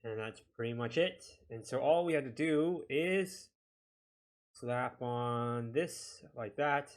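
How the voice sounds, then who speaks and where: A man giving a casual software tutorial, talking himself through each click with a chatty, self-deprecating manner. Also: medium pitch, takes it slowly. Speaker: video editing instructor.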